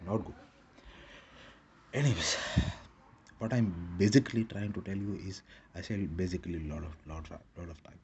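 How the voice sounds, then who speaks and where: A man's voice: low voice, normal speed, pauses often, a little mellow, a little hiss or hum. A man rambling in a casual monologue with a put-on Indian English accent, repeating short clipped broken-English phrases. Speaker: vlogger.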